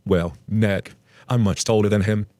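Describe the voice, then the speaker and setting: A man's voice: lowish voice, fairly even intonation, a little slow, dark tone, no room sound. A man casually narrating online stories, chatting directly to his listeners. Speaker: story narrator.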